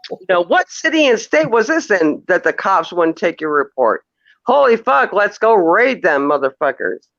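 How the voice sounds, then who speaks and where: A man's voice: sits high, very animated, moderate pace, gravelly, fairly bright tone, dry recording. A man calling in to a casual chat show, rambling and flustered, stammering over restarts and swearing often. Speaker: caller. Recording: dull lo-fi call audio.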